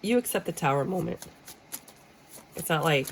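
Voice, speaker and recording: A woman gives a casual tarot reading in a low, gravelly voice. She talks bluntly and jokes as she acts out how people react. A faint hiss sits under the recording. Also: lively intonation, moderate pace, pauses often, rough recording. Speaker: tarot reader. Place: room with a squeaky chair.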